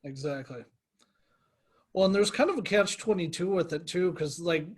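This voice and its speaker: A man who makes guitar gear videos, chatting casually and peppering his talk with "like" and "you know". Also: high voice. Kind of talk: casual chat between online creators.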